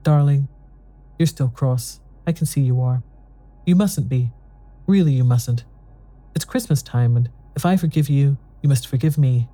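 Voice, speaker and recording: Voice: mid-range voice, unhurried, faint music behind, lightly acted. A narrator reading a fiery, proud young wife. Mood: coaxing. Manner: pleading, then sharp and bitter. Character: quarrelsome young wife, proud and quick-tempered. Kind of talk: audiobook dialogue reading.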